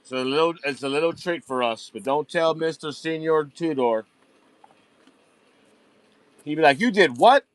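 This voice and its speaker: A man's voice: fairly high pitch, moderate pace, pauses often, clear, resonant tone, rough recording. Chatty man hosting a live sale. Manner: chatty, hypes each pull, speaks straight to viewers. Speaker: host of a live online diecast car sale. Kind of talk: casual live-stream sales chat. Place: warehouse at night.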